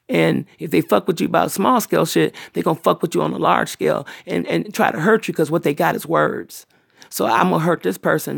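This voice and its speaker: A woman's voice: low voice, vocal fry, slightly rough. A middle-aged woman hosting her own livestream, talking at length in a blunt, profane, long-winded way. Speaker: channel host livestreaming. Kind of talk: unscripted livestream rant.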